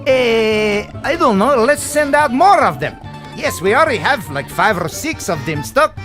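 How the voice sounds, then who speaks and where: Man doing a put-on Russian accent, puzzled male staffer, broken halting English, bouncy lively pitch. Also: soft background music, exaggerated voice. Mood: bewildered. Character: gruff male delivery company staff, puzzled.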